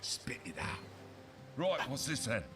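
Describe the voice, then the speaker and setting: An actor voicing a gruff male adventurer companion in a game, giving curt, gravelly replies. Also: medium pitch, sing-song, unhurried, heavy background noise. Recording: distant game audio over loud music.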